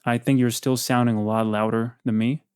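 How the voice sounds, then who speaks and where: A man's voice: mid-range voice, little pitch movement, brisk, a little mellow, clean tone, no echo, clean studio sound. Blunt man questioning an AI. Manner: probing, blunt, rambling. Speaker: host. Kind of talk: casual chat.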